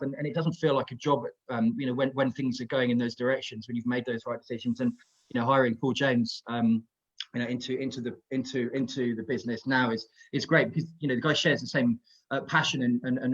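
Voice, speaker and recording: A man speaking as a guest on an online webinar, halting and full of restarts and fillers. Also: mid-range voice. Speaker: panel guest. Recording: muffled video-call audio.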